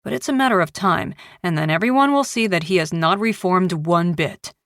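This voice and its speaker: A woman's voice: on the low side, moderate pace, fairly bright tone, no echo, clean studio sound. A woman voicing a curt, insistent middle-aged man, a perpetually annoyed ex-husband, in a thriller audiobook. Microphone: close studio mic.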